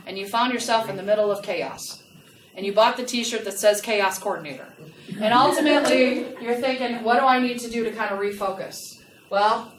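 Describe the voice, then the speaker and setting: Animated woman trainer in an echoey room. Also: a little high. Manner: animated, asks the audience questions. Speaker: workplace trainer. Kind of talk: customer service training talk. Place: large room with a live audience. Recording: echoey room, from a distance, faint noise.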